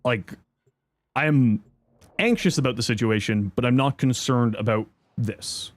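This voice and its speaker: A man livestreaming in casual chat, reading viewer messages aloud and thanking subscribers, thinking out loud. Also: a little slow. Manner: squeaky high-pitched outbursts of surprise. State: chewing an apple.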